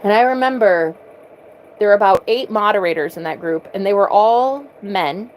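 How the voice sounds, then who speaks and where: A woman's voice: medium pitch, lively intonation, normal speed, slight background noise, low-quality recording. A woman vlogger telling a personal story earnestly, often repeating words as she restarts.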